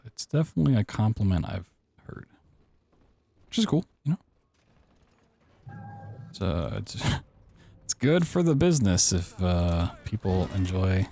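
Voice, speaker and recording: A young man casually chatting to his viewers while speedrunning a game, relaxed and playful. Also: sits low, creaky, a little hiss or hum. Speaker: speedrunning streamer. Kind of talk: casual live-stream commentary while playing.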